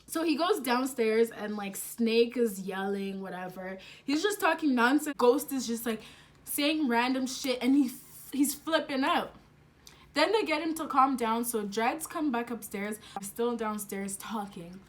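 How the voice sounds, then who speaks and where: A young woman telling a story to the camera at home, animated and casual, swearing freely and using slang. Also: fairly high pitch, measured pace. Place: home, indoors.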